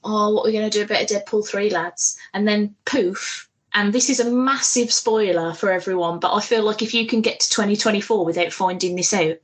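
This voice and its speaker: A woman co-hosting a casual podcast chat, excitable, laughing often and swearing freely. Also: mid-range voice, fairly quick, few pauses. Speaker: podcast co-host.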